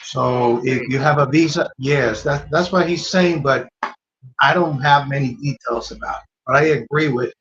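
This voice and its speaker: A man's voice: medium pitch, normal speed, a bit bright, highs cut off. A man guest in casual chat who speaks hesitantly, stammering and restarting his sentences.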